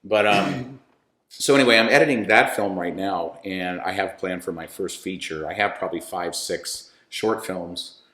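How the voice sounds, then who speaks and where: Talking at a normal speed in a low voice with a fairly bright tone, a filmmaker and musician chats casually as an interview guest. He rambles, restarts frequently and laughs a lot, and the recording carries a roomy echo.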